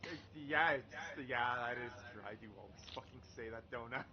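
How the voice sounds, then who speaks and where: A man's voice: medium pitch, brisk, bright, forceful tone. A man hosting a stream, chatting casually and swearing as he rambles. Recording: muffled stream audio with music behind.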